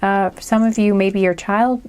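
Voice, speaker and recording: A woman's voice: mid-range voice, fairly even intonation, normal speed, a little mellow, smooth, no room sound. A woman giving a casual, rambling tarot reading, chatty and full of fillers as she reads out signs. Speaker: tarot reader.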